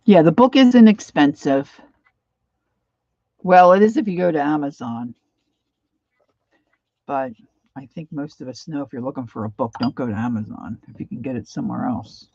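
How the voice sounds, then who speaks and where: A woman's voice: low voice, normal speed, pauses often, husky, no room sound, lo-fi sound. A middle-aged woman from Pennsylvania with a Pennsylvania accent, chatting casually and rambling as she paints on a livestream. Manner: chatty and rambling, warmly nostalgic asides. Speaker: art livestream host. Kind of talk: casual chat while painting.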